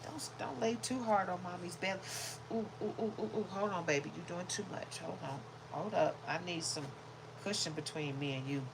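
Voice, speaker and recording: A woman's voice: fairly low pitch, a little fast, creaky, noisy background. A woman vlogging at home, cooing baby talk to her dogs and chatting to viewers. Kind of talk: casual chat with pets and viewers.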